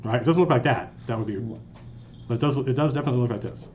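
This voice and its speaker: A man's voice: mid-range voice, very fast, muffled recording, slight background noise. A man hosting a live stream in an office conference room, talking casually and telling stories with lots of restarts, recorded on a lapel mic. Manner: animated, rambling storyteller with many restarts. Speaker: game master and host.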